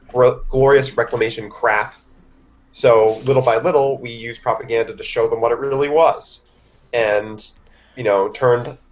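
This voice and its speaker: A man's voice: mid-range voice, lo-fi sound. A man playing a tabletop role-playing game, speaking casually and bluntly, slipping in and out of character. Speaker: player.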